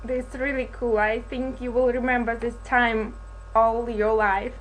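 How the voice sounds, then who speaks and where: A woman interviewing a singer, asking halting, careful questions. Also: fairly high pitch, flat delivery, poor audio.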